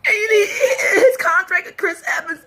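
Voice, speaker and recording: A woman vlogging a casual, emotional film review, tearful and rambling excitedly as a fan while crying. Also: very high-pitched, moderate pace. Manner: tearful, talks through sobs and laughs.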